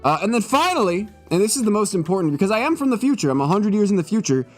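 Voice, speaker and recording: A young male streamer with a raised, lively voice that swings up and down constantly. He jokes and swears through a mock-serious spiel. He sounds a little tipsy, with faint music behind him. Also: sits high, rapid-fire. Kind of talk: comedic live-stream monologue.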